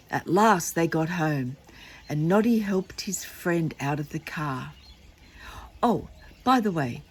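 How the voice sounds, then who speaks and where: A woman's voice: deep voice, darkish tone, a little hiss or hum. An older woman reading a children's book aloud, chatty and playful with asides to the listener. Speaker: storyteller.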